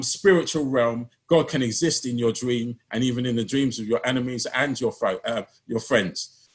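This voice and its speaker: Guy preaching a sermon, fired up, keeps repeating himself for effect. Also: mid-range voice. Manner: impassioned, repeats phrases for emphasis.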